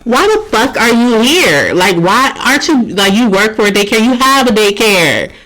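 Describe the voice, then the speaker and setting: Reaction host, loud and animated, laughs a lot, swears, speaks straight to camera. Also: medium pitch, normal speed, poor audio.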